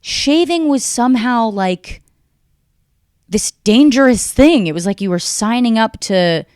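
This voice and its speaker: A woman in her thirties hosting a podcast, delivering a profane, deadpan, rambling solo comedy rant. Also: a little high, unhurried, clear, resonant tone, no echo, clean studio sound. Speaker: podcast host.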